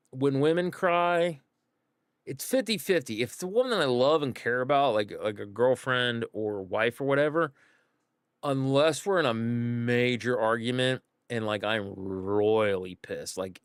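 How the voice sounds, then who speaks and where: A man's voice: medium pitch, fairly bright tone, clear, resonant tone, dry recording. Chatty rambling man streamer, dry sound. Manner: rambling, chatty, frequent fillers and acted-out quotes. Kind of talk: casual livestream chat to viewers.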